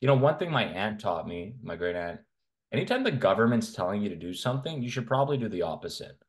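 A man's voice: fairly low pitch, big pitch swings, fast talker. A man from Canada, a men's health coach, talking as a guest in a casual interview in a blunt, opinionated way. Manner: blunt, opinionated, talks in long runs.

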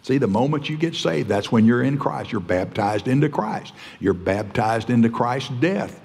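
A man's voice: mid-range voice, lively intonation, moderate pace, vocal fry, a little mellow. An older man preaching a sermon as pastor, telling folksy stories and chuckling often. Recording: church hall reverb.

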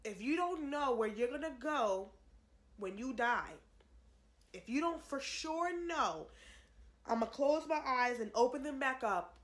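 A woman's voice: high-pitched, expressive, measured pace. A young woman giving an earnest religious testimony to camera, pleading with viewers and repeating herself for emphasis. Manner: earnest, repetitive, pleading, addresses viewers as y'all.

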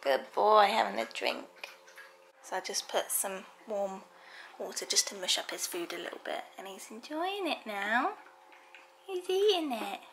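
Woman baby-talking to her dog, unhurried, bright voice. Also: mid-range voice, expressive, vocal fry, slight background noise. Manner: coos at a dog in a sing-song voice. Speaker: vlogger. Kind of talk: casual home vlog.

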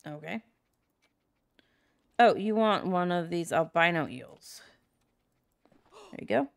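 A woman's voice: on the low side, animated, slow, vocal fry, pauses often. A woman hosting a gameplay video, chatting casually and reading character dialogue aloud in her own voice.

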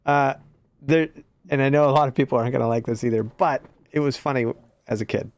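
A man's voice: medium pitch, steady tone, fast, no room sound. A man co-streaming a game, chatting casually and telling a childhood story. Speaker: guest streamer. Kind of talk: casual gaming chat and storytelling. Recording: dry close mic.

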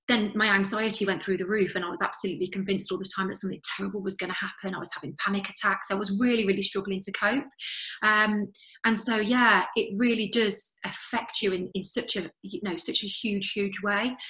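A woman's voice: medium pitch, a bit bright, poor audio. A woman, in her thirties, earnestly telling her story as an interview guest, with many fillers and restarts. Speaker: interview guest, charity fundraiser. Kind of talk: conversational interview.

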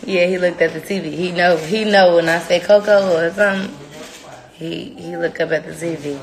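A young mother chatting casually in a home vlog, coaxing her toddler in a sing-song voice and giving relaxed updates to the camera. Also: fairly low pitch, normal speed, crowd noise. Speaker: mother and vlogger.

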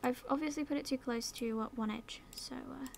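A woman's voice: sits high, steady tone, a little fast, gravelly, a little hiss or hum. A young British woman chatting through a life-sim game as a YouTuber, giving her characters orders, slipping into whispers and silly voices, swearing casually. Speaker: gaming YouTuber. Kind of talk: casual let's-play commentary.

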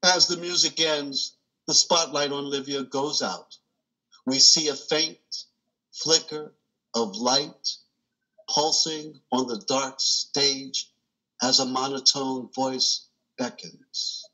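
A man narrating stage directions in a slow, careful reading. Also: mid-range voice, steady tone, sharp tone, low-quality recording.

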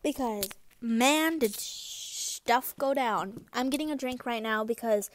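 A woman's voice: sits high, slow. A woman casually reading fan fiction aloud, giggling and stumbling over words.

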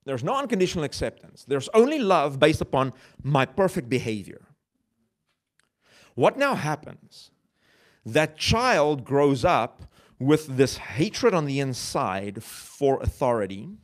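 A male pastor delivers a sermon conversationally, asking the audience questions and laughing at himself. His medium-pitched voice swings widely in pitch, and he keeps a measured pace.

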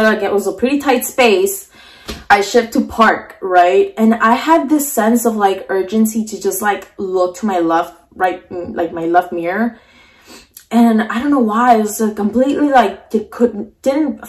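A young woman retells a scary night in a storytime vlog. She talks in a shaky, emotional way, full of fillers and restarts. She sits on the floor at home, close to the camera mic. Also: mid-range voice. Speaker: vlogger.

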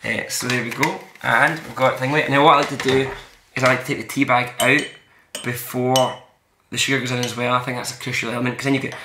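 A man talks his way through making tea in a playful, mock-serious ramble, trailing off and circling back. His voice sits at an ordinary pitch for a man. The kitchen rings with echo, and cutlery and dishes clatter behind him. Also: fairly even intonation, brisk, noisy background. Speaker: host making tea on camera. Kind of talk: casual chat.

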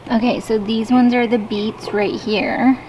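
A woman's voice: on the high side, little pitch movement, a little slow, darkish tone. Chatty self-deprecating woman vlogging at home. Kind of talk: casual vlog chat. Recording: noisy home recording.

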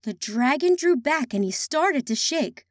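Expressive sing-song woman reading a picture book. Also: high-pitched, a little slow, no echo, studio quality. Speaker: children's story reader. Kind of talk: read-aloud picture book narration.

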